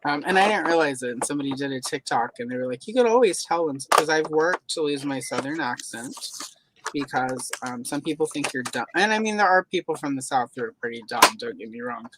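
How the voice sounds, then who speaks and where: A woman's voice: very deep voice, a little fast, very noisy. A woman from the American South hosting a live stream, chatting casually and rambling with self-deprecating jokes over a home computer mic. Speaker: host of a live audio stream. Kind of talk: casual chat.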